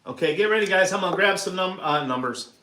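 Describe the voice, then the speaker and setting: A man's voice: sits high, lively intonation, fast talker, pushed and bright, roomy sound, a little hiss or hum. A man chiming in briefly and reading out names during a casual craft video. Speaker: host's husband, co-host.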